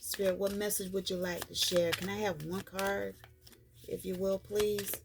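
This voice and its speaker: A woman giving a spiritual card reading to her viewers, repeating her reassurances in an unhurried, soothing way. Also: medium pitch, flat delivery, creaky, noisy background. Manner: slow, repetitive, reassuring delivery. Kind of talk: tarot-style card reading vlog.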